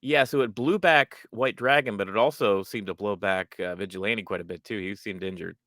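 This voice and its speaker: A man's voice: on the low side, brisk, a bit bright, no room sound, studio quality. A man co-hosting a casual TV reaction podcast, rambling with frequent ums and laughs. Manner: rambling, many ums and restarts, laughs often. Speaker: podcast co-host. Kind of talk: casual TV episode recap chat.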